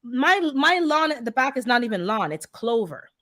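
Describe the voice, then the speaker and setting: A woman hosting a gardening channel, chatting casually and telling a story with animated, heated energy. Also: on the high side, normal speed, dry recording, clean studio sound. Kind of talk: casual chat.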